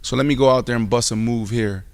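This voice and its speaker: Male sports show host, mid-pitch voice, casual slang, playful loud rants. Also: fast talker, smooth, no echo. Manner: animated, loud rant with mock outrage; casual slang, talks to the live chat.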